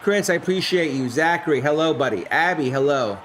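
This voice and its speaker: A man's voice: a little high, expressive, fairly quick, a bit bright, a little hiss or hum. A man streaming play-by-play of a simulated game, jumping up on big plays and chatting loosely with viewers. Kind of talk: live-stream play-by-play with chat replies.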